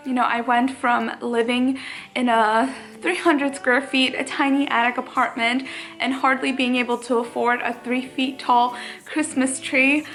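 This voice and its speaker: A woman's voice: sits high, flat delivery, measured pace, fairly bright tone. A young woman vlogging casually, gushing and chatty as she talks to her viewers. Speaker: lifestyle vlogger. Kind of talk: casual vlog narration. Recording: faint background music.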